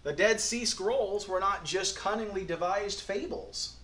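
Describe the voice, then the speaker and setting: Here a high-voiced pastor preaches at a measured pace, his sermon echoing around the hall. His manner is folksy and earnest, alternating between soft and emphatic delivery.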